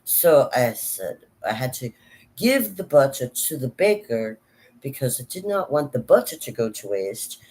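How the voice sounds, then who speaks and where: A woman's voice: rumbling low, unhurried, exaggerated voice, low-quality recording. A woman doing a put-on French accent, playing a chatty Frenchwoman rambling through a story about bread and butter. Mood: animated. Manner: rambling, animated storytelling with many restarts.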